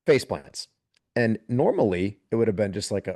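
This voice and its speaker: A military veteran appears as a podcast guest, telling a story in relaxed chat with a very low voice at a normal pace. He's animated and laughs now and then, and the recording is dry and close.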